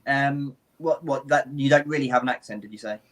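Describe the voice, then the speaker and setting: A man's voice: medium pitch, a little fast, fairly bright tone. A man in a casual pre-show chat, hesitant and playfully confused, often restarting his words.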